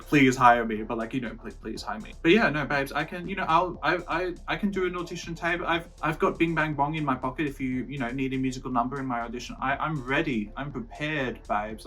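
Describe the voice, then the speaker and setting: A man's voice: mid-range voice, brisk, a bit bright, soft background music. Young man, from Australia, casual vlog chat, playful, rambling, stumbling restarts. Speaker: YouTuber and songwriter.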